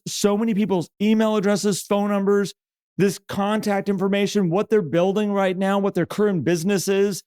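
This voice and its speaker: Lively storytelling male podcast host. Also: high voice, smooth, no echo, studio quality. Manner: animated, retells quotes with raised voice and filler restarts. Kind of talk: casual conversational storytelling.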